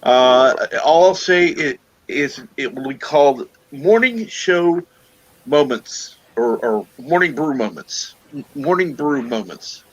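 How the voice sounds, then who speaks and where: A man's voice: medium pitch, expressive, slow, dull audio. A man co-hosting a live morning talk stream, rambling casually with lots of fillers. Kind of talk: casual chat.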